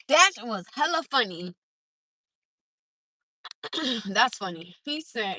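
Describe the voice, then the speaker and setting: A woman with hosting a casual live stream from her parked car, laughing often and talking in slangy, animated bursts. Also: high voice, takes it slowly, pauses often, no room sound. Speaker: livestream host.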